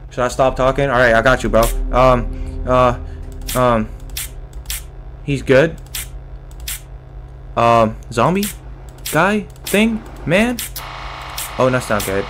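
A man's voice: medium pitch, expressive, slow pace, long pauses, fairly bright tone, soft background music. A man giving nonstop let's play commentary on a horror game as a streamer, jumpy and panicky, breaking into sudden yelps. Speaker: gaming streamer.

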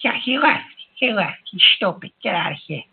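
A performer plays an excitable, hot-tempered Italian-American uncle hosting a prank call-in radio show, ranting, scolding callers and hanging up on them. The mid-range voice is husky with vocal fry, swings widely in pitch, runs a little fast, and is heavily acted. It comes through with a tinny phone-line sound.

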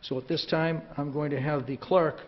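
A man with a raspy, hoarse voice from a cold, chairing a formal city council ceremony, halting with fillers and restarts. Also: on the high side, fairly even intonation, lo-fi sound. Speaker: council president running the ceremony.

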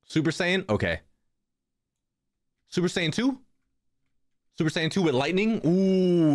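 A man's voice: high voice, expressive, unhurried, pauses often, no room sound, studio quality. A young man hosting a casual drawing livestream, laughing, swearing and chatting with his viewers. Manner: laughing, swearing, talking to chat. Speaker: livestream host. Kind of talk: casual live-stream chat while drawing.

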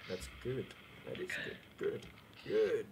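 A man's voice: lowish voice, a little slow, noisy background. Jumpy young man playing a horror game. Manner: jumpy, says dude a lot, shouts when startled. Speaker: gaming youtuber. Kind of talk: casual let's-play commentary.

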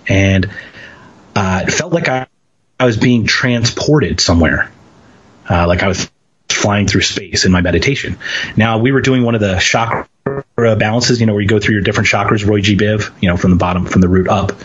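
A man from Philadelphia, an interview guest, telling a personal story in a lively way and acting out the quoted voices. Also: fairly low pitch, normal speed, dull audio, a little hiss or hum. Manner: animated storyteller, acts out quotes.

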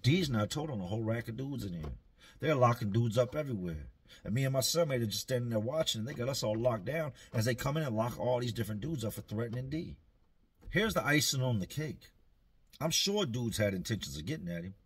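Laid-back male storyteller, husky voice, slangy and dry. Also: mid-range voice, lively intonation, fairly quick. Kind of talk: casual storytelling.

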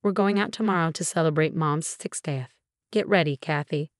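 A casual, secretive husband in a spoken story, offhand and a little dismissive, voiced by a woman narrator. The voice sits fairly low, in a dry, close sound with no room around it. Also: normal speed, no room sound, close to an everyday voice.

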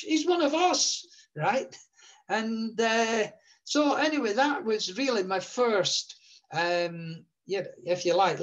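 A man in his seventies from Scotland, recalling old anecdotes in an interview with a rambling, halting delivery. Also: a little high. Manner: rambling, many fillers and restarts.

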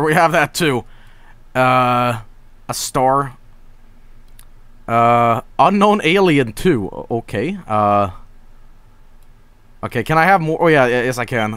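A man streaming a space game, chatting casually, swearing and breaking into shouts when the fighting starts. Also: mid-range voice, clear, resonant tone, no echo. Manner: excitable, swearing, jumps to shouting in combat. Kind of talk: casual gameplay commentary.

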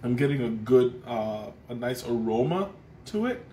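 A man's voice: mid-range voice, expressive, moderate pace, mellow. A man hosting a casual live tea tasting, thinking aloud with frequent restarts and fillers. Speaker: livestream tea taster. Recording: roomy echo, faint background noise.

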